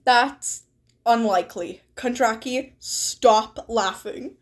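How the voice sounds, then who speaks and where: A woman's voice: a little high, slow, voice pushed down. A woman voicing a stern older male director who demands professionalism.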